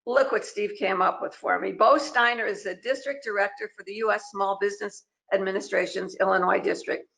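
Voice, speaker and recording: A brisk woman moderating a finance webinar over a video call, talking in a chatty, emphatic way and pushing her panelists with pointed questions. Her mid-pitched voice carries a gravelly edge of fry. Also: fairly even intonation, fairly bright tone, poor audio.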